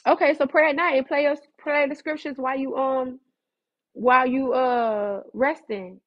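A woman's voice: high voice, steady tone, moderate pace. A woman preaching fervently on a livestream, conversational and dramatic, mixing scripture with chat. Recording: dull lo-fi livestream audio.

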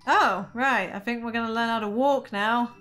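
A young woman commenting on an animated story video with giggly, incredulous running remarks. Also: on the high side, moderate pace, soft background music. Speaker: gaming reaction YouTuber. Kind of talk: reacting to an animated story with voiced lines.

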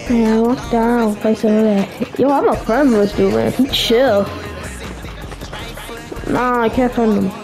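A woman's voice: a little high, fairly even intonation, unhurried, pauses often, music in the background, rough recording. A woman giving casual, slangy, joking gaming commentary while talking to her teammates. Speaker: gamer.

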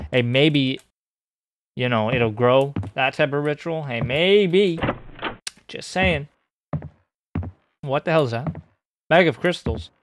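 A young man streaming a horror game, joking and excitable, bursting into high squeaky outbursts. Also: no echo. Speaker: gaming streamer.

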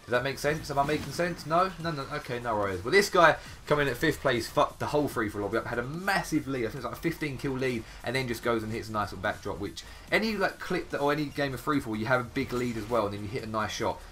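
A young man with an English accent giving casual, chatty commentary over game clips, swearing freely and handing out quick praise. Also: medium pitch, lively intonation, fairly bright tone, a little hiss or hum. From England. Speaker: gaming YouTuber. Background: background music.

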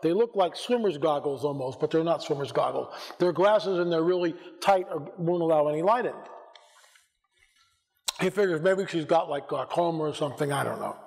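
Hoarse American man speaking in a church hall. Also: on the high side. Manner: animated, acts out dialogue, frequent restarts. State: hoarse, clearing his throat. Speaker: conference speaker. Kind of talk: storytelling talk to a church audience. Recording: long hall reverb.

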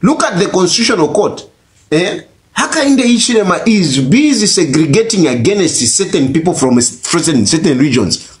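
Male host, high animated voice, emphatic ranting commentary, repeats himself for effect. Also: normal speed. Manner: emphatic, repeats phrases, rising outbursts. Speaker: host of a call-in show. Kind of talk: heated political commentary.

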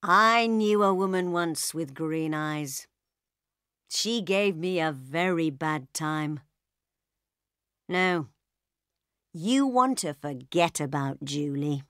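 A woman reading aloud and voicing a calm, worldly older man giving advice to a stranger. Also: sits low, slow pace, pauses often, no echo, studio quality, full character voice. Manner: calm, advising. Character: calm older male traveller, worldly and unhurried.

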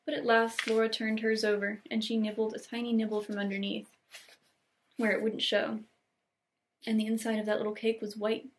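A young woman reading classic novel passages aloud in an unhurried, gentle storybook way, with casual chatty asides between scenes. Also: on the high side, monotone, slight background noise. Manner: gentle, unhurried reading, lingering on cozy details. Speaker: book channel host reading aloud.

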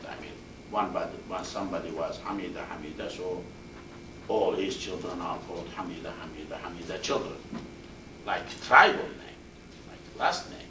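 Man teaching quran, repeats words, roomy hall echo, far from mic. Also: low-pitched. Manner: explains word by word, repeats terms, recites Arabic verb forms quickly. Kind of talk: classroom tafsir lecture. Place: mosque classroom. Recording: roomy echo, distant mic, faint hiss.

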